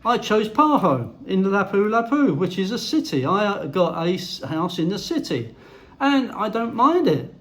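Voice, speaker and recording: Male vlogger, high-pitched, blunt and profane, casual rant. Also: very animated, moderate pace, a bit bright. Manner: blunt, profane, frequent swearing. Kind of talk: casual ranting to camera. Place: house in a Philippine city.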